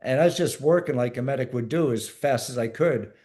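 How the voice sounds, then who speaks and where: Male guest, ex-military medic, warm mellow tone, plain-spoken storyteller who repeats himself. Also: mid-range voice, a little fast. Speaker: podcast guest, former Navy SEAL medic. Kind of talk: storytelling interview.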